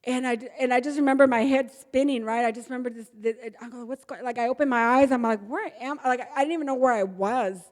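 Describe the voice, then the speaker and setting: In a big meeting hall with lots of reverb, a middle-aged Texan woman speaks at AA, candidly recounting her recovery, voicing the dialogue herself and laughing frequently. She talks fast with few pauses, her pitch on the high side and her intonation fairly even.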